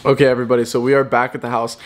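A man's voice: mid-range voice, little pitch movement, rapid-fire. A young man hosting his vlog, upbeat and laughing often as he talks to the camera. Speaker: vlogger host. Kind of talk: casual vlog talk to camera.

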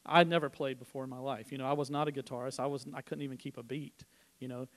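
A man's voice: mid-range voice, fairly even intonation, fast, a bit bright. A middle-aged man giving a conversational sermon at church, telling personal stories with informal restarts and asides. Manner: informal storytelling, frequent restarts. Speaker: church speaker.

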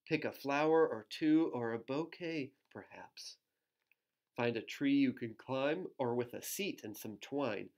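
A male pastor reads a rhyming children's book aloud in an easy, mid-pitched voice. He slips into playful asides for young listeners and joins in with animal noises. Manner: gentle storytelling with playful asides and animal sounds.

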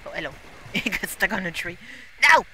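Excitable gamer with bright, lively voice. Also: female voice, lowish voice, normal speed, slight background noise. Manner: excitable, laughs often, frequent exclamations. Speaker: gaming YouTuber. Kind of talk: casual gameplay commentary.

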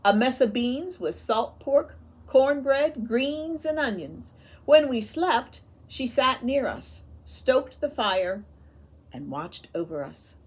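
A woman reading a picture book aloud with expressive, unhurried storytelling. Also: sits high, slightly rough. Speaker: storybook reader.

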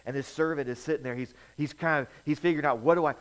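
A male pastor preaching a sermon in a storytelling manner, swinging between loud bursts and quiet asides. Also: fairly high pitch, steady tone, fast talker, poor audio.

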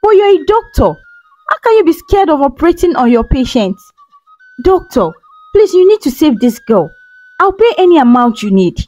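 A woman's voice: high voice, very animated, moderate pace, dark tone, dull audio, soft background music, voice pushed up. A woman voicing a kind man who urgently pleads for a girl's life. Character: kind adult man, anxious rescuer.

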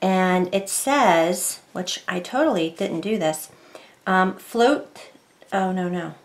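A woman giving a casual painting tutorial at her home craft desk. She talks in a chatty, rambling way and drops to a soft mutter while she concentrates. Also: on the low side, takes it slowly.

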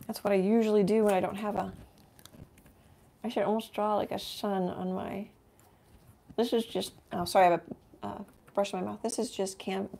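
Gravelly-voiced woman chatting while painting. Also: mid-range voice, a little mellow. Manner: chatty, thinks aloud while painting, trails off mid-sentence. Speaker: art teacher and channel host. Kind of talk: casual live painting demo chat. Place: home art studio, indoors.

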